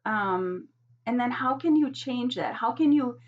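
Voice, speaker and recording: Soft earnest woman doing an oracle reading, kinda breathy voice, muffled recording. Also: a little high, animated, unhurried. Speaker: oracle card reader. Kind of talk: gentle spiritual card reading. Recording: dull lo-fi sound.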